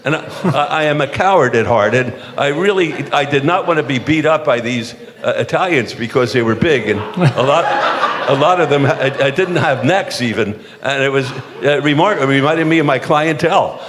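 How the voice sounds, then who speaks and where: A man's voice: medium pitch, moderate pace, crowd noise. An older man from the eastern United States, a former mayor telling self-deprecating, jokey stories on a panel, with frequent restarts. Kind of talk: humorous anecdotal storytelling on a panel. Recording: long hall reverb.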